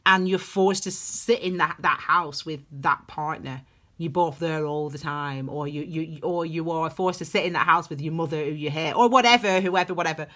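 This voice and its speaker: A woman's voice: sits low, normal speed, a bit bright. A woman giving a chatty, gushing tarot reading to her viewers, calling them her darlings. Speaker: tarot reader. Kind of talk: casual tarot reading to camera.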